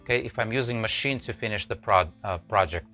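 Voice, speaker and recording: Man, live stream host, halting casual talk, bright voice, faint guitar music behind. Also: fairly low pitch, rough recording. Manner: halting, many fillers and restarts, talks to viewers by name. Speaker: woodcarver hosting a live stream.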